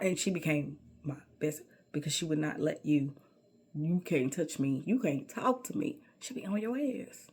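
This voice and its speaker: A woman's voice: sits low, moderate pace, a little mellow, slightly rough. A middle-aged woman telling a personal story in a sassy, emphatic way, often calling the listener baby.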